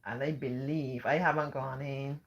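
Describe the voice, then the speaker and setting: A woman's voice: a bass voice, steady tone, normal speed, muffled recording. A middle-aged woman from Barbados with a Barbadian accent, chatting casually on a livestream and answering viewer comments. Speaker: livestream host.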